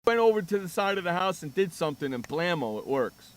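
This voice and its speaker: A man's voice: sits high, sing-song, fast. A man hosting a sports radio show, telling a profane, ranting story in casual chat.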